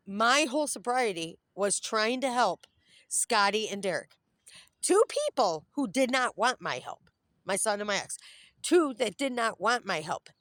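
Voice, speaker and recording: A woman's voice: medium pitch, fairly bright tone, dry recording. A woman vlogging outdoors by a duck pond, venting in a cranky, irritable, rambling way while filming on her phone. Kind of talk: casual rambling monologue to camera.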